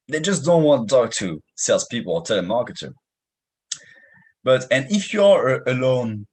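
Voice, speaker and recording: A young man with a French accent giving an energetic, punchy sales training talk, slangy and direct. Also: mid-range voice, slightly rough, poor audio. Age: young adult. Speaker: sales coach.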